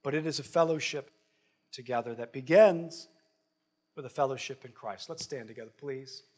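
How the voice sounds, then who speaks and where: A man's voice: mid-range voice, moderate pace, darkish tone. A man preaching a sermon as pastor, earnest and conversational, stretching out key phrases for emphasis. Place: church sanctuary.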